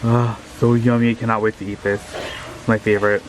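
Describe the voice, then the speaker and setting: A man's voice: on the low side, level tone, brisk, a little hiss or hum. A man hosting a casual home tour vlog, upbeat and enthusiastic, talking to a handheld camera. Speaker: vlogger host. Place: at home, indoors and out in the yard.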